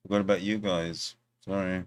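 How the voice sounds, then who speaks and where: Man, streaming host with a lowish voice, loose rambling delivery, many fillers and restarts, talking into a desktop mic. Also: flat delivery, normal speed. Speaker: livestream host. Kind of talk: casual rambling monologue.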